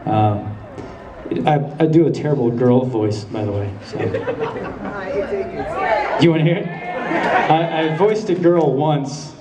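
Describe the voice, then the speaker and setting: During a panel Q&A in a large convention hall, the guest voice actor answers with relaxed stories and plenty of laughter. He has a warm, mid-range voice. Slight background noise, audience murmurs, and laughter come through a handheld camera positioned far from the stage, giving an echoey sound.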